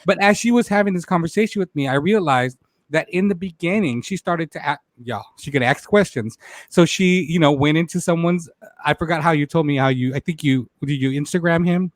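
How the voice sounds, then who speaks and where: A man hosting a casual live-stream talk show, animated, greeting viewers by name and laughing often. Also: on the high side, fairly quick, no echo.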